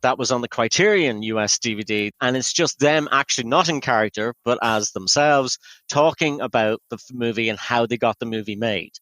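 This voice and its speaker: A man's voice: mid-range voice, brisk, fairly bright tone, no room sound, poor audio. Enthusiastic male podcast host, dry sound. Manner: enthusiastic, rambling film recap. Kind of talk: casual chat. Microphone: podcast microphone.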